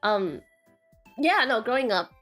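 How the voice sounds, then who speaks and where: A woman's voice: a little high, sing-song, measured pace, a bit bright, soft background music. A woman streamer chatting casually and rambling, often saying "question mark" and laughing.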